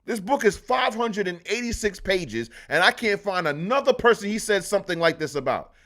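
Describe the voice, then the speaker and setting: Male live-stream host, higher-pitched, swings wildly in pitch, profane rants. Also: normal speed, hardly any pauses. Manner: animated, profane ranting. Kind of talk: live-stream history commentary.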